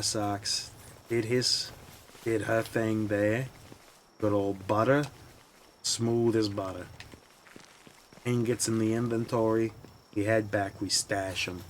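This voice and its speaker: Low, slow-talking male game streamer. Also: slight background noise. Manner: playful, mock-solemn asides to chat. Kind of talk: live gameplay commentary to chat.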